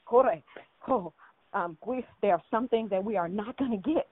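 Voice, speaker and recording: A woman's voice: medium pitch, moderate pace, husky, no room sound. Breathless woman leading prayer by phone. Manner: emphatic, encouraging, exhorting. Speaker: prayer call leader. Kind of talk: spirited prayer ministry on a call. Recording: tinny phone line.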